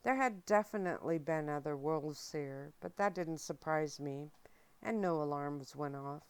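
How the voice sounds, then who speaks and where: A woman narrating a novel in a soft, steady ASMR reading. Her voice is low and smooth and moves at an unhurried pace. It is recorded close up with a dry sound. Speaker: audiobook reader.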